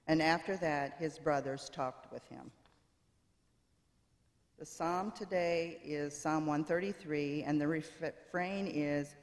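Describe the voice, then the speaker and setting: Man reading scripture in reverberant church. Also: a little high. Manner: measured, unhurried reading. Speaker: scripture reader. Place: church sanctuary.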